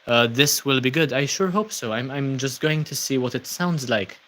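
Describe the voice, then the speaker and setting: Young guy from malta doing a chill livestream, lots of ums, mid pitched voice. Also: moderate pace. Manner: relaxed, many ums and uhs, thanking viewers. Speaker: livestream host. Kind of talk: casual livestream chat reading comments.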